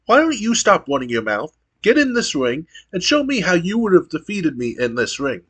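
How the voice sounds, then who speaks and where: A man's voice: sits high, wildly swooping pitch, moderate pace, fairly bright tone, breathy edge, voice pushed up, exaggerated voice. A man voicing a cocky male pro wrestler who is demanding a title shot in brash, taunting questions.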